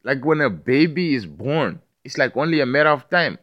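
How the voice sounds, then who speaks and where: A man's voice: medium pitch, expressive, moderate pace, lo-fi sound. A man talking in a rambling monologue, stammering and repeating himself, swearing often and asking if you understand him.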